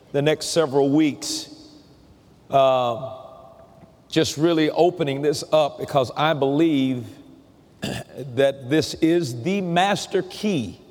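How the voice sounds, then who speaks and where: A pastor preaching a sermon, slow and emphatic, leading his listeners in call-and-response. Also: medium pitch, big-room sound.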